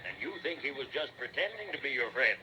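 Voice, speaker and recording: An actor playing a jolly elderly Santa Claus who drives the sleigh, in 1930s radio drama style. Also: male voice, medium pitch, very animated, fast talker, bright, forceful tone, slight background noise, rough recording. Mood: musing.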